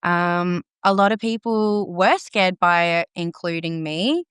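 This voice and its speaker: A woman's voice: lowish voice, lively intonation, measured pace, a bit bright, clean tone, dry recording. A woman guest on a podcast, talking in casual chat, confident, emphatic and playful. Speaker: podcast guest, green witch.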